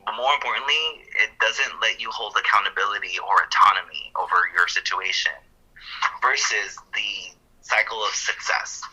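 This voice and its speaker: This man's lowish voice sounds bright and forceful with a breathy edge, captured in a low-quality recording. As a podcast co-host, he explains counseling concepts casually and thoughtfully, filling gaps with fillers and catching himself with fast self-corrections.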